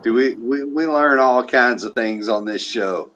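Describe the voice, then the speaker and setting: A man's voice: mid-range voice, measured pace, fairly bright tone, dull audio, a little hiss or hum. A man co-hosting a casual livestream chat, easygoing and a little hesitant. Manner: easygoing, hesitant, many uhs. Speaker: co-host.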